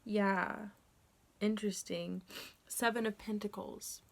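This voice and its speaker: A woman's voice: medium pitch, steady tone, takes it slowly, a little hiss or hum. A young woman giving a casual tarot reading to camera, candid and rambling, with frequent ums and self-corrections. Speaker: tarot reader.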